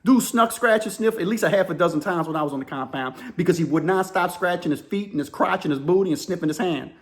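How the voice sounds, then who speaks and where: A man, a former prisoner hosting his channel, telling stories in an animated, rambling way. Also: high voice, fast. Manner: animated, rambling, many "you know"s. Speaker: YouTube host, former prisoner. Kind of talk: casual storytelling.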